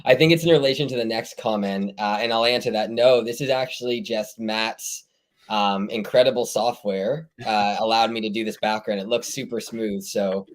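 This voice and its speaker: Guest, male, Canadian accent, low-pitched, easygoing and halting in casual chat. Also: steady tone. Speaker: indie author guest.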